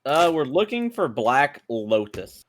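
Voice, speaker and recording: A man playing in a tabletop game, relaxed and joking. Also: medium pitch, slow, a little hiss or hum. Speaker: player. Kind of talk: casual tabletop game chat.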